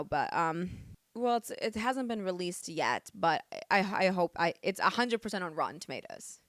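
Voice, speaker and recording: A woman's voice: mid-range voice, a bit bright, clear, resonant tone, no echo. A young woman giving casual, outspoken commentary in a vlog, swinging from dramatic outbursts to rambling asides.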